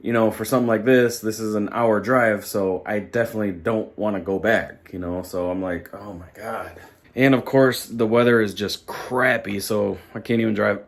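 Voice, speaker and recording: A man's voice: lowish voice, creaky. Rambling, exasperated man. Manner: rambling, exasperated, many fillers. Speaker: vlogger. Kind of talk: casual chat.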